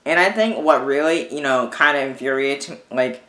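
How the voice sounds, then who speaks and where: A man rants straight to camera, exasperated and swearing freely, circling back and restarting his sentences as he vents. His voice has a bright, forceful edge, and the room throws back a noticeable echo. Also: medium pitch, moderate pace. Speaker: vlogger. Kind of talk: ranting casual monologue. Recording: echoey room.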